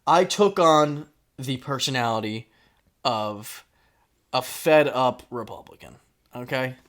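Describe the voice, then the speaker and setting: A man's voice: mid-range voice, takes it slowly, fairly bright tone. A young man co-hosting a casual comedy podcast, joking and swearing freely. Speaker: podcast co-host.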